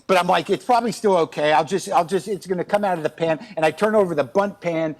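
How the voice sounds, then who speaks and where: A man's voice: high-pitched, quick pace. A middle-aged man telling comic stories in a rambling, exasperated, self-mocking way over a remote video call. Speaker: guest. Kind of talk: comic storytelling chat. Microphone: remote video call from outside his house.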